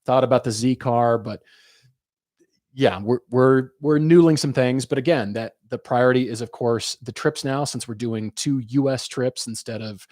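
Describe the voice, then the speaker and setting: A man's voice: medium pitch, moderate pace, darkish tone, dry recording, studio quality. A man co-hosting a live-streamed car podcast, telling rambling stories and reading out audience questions. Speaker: podcast co-host. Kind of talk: casual live-stream chat.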